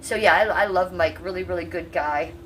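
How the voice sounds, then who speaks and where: Woman, fifties, low voice, chatty and salty livestreamer, slightly off-mic. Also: a little fast, a bit bright, far from the mic, low-quality recording. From Cleveland, US. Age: 50s. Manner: chatty, salty, talks to chat. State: coughing. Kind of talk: casual livestream chat. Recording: voice a bit off-mic, faint room hum.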